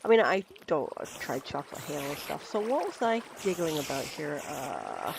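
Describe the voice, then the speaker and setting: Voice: mid-range voice, huge pitch swings, normal speed, creaky. A streamer from Canada giving casual gameplay commentary, rambling and giggling while thinking aloud. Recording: loud constant background noise.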